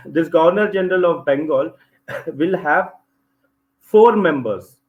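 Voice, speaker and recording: A man's voice: sits high, measured pace, pauses often, reverberant, low-quality recording. A man with an Indian English accent teaching an online class for a civil services exam. He repeats key phrases and keeps checking that students follow.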